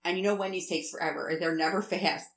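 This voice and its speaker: A woman telling a rambling story in casual chat, animated and swearing often. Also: on the low side, fast talker. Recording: roomy echo.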